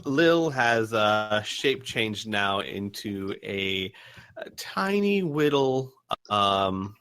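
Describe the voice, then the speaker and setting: A man's voice: lowish voice, expressive, very slow, a bit bright, clear, resonant tone. A man narrating as game master of a tabletop role-playing game, rambling with fillers and restarts.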